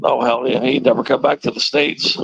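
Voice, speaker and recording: Man, gravelly voice, dry close sound, teasing livestream chat. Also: mid-range voice, little pitch movement, a little fast, fairly bright tone, no room sound, lo-fi sound. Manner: teasing, rambling, chuckling. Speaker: livestream host.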